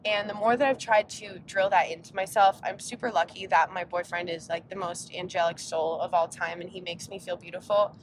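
A woman's voice: steady tone, a little fast, few pauses. A young woman hosting a casual solo podcast while driving, rambling and interrupting herself, sounding a little sick and tired. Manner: rambling, chatty, self-interrupting. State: sick, yawning. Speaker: podcast host. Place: inside a car on a road trip. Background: faint road rumble.

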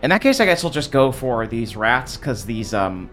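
A man playing a tabletop game, calling out his rolls in an upbeat, quick way. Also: medium pitch, sing-song, a bit bright, soft background music. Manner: upbeat, quick dice calls. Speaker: player. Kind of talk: casual game talk.

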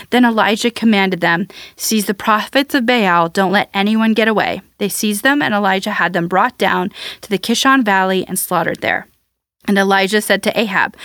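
A woman reading scripture aloud at a measured, even pace, as the regular reader of the show. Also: medium pitch, dry recording, clean studio sound. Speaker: Bible reader.

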